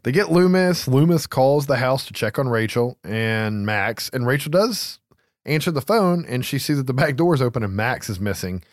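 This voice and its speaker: Man, casual movie recap, swears and laughs a lot, very expressive pitch, dry close sound. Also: normal speed, no room sound. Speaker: podcast co-host.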